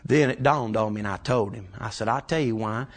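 A man preaching a sermon, building from calm scripture reading to shouted climaxes. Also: lowish voice, brisk. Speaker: pastor.

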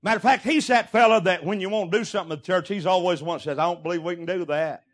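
Preacher, middle-aged man, high voice, folksy sermon storytelling with shouts. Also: quick pace. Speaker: pastor.

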